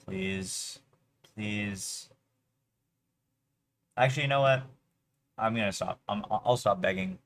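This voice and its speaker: A man's voice: on the low side, slow, long pauses, a bit bright, slight background noise. A man streaming his workday who mutters to himself in half-finished phrases and pleads aloud with an online chess opponent. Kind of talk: casual livestream commentary.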